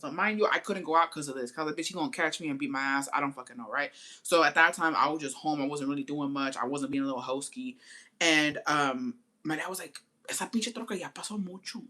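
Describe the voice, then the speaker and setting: A young woman from Texas telling a personal story in a casual, profane, slangy way. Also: sits low. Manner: profane, slangy, animated retelling. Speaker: storytime vlogger.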